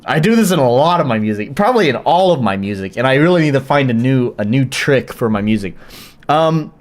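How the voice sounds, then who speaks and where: Live streamer, casual chat, rambling, heavy swearing, lively swinging pitch. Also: brisk. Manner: frequent swearing, rambling with restarts and fillers.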